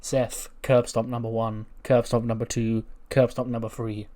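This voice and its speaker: A man's voice: mid-range voice, flat delivery, moderate pace, dark tone. A man narrates his simulated wrestling show in a casual let's-play style. He is loose and chatty, dropping the odd swear word as he recaps matches. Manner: loose, chatty, mildly profane. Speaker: game channel host.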